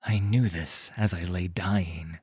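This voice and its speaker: A man voicing a gaunt undead man who speaks in a solemn, measured way. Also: sits low, fairly even intonation, a little mellow, breathy edge, dry recording, clean studio sound, full character voice.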